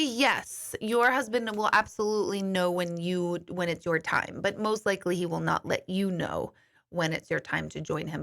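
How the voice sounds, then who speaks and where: A woman's voice: fairly low pitch, creaky, bright, forceful tone. A woman working as an intuitive medium, answering viewer comments in a candid, chatty live stream from a studio, swearing now and then and apologizing. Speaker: intuitive medium and life coach.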